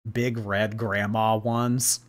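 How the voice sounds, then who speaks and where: A man's voice: fairly low pitch, little pitch movement, takes it slowly. A man hosting a casual livestream, reading and answering viewer chat in a gossipy way and laughing often.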